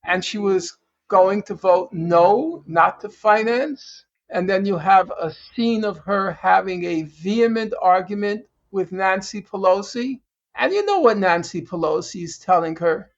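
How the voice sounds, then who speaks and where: A man's voice: high voice, unhurried, gravelly, lo-fi sound. A man from the United States speaking as a guest in a political podcast discussion, emphatic and scornful, repeating his points for effect.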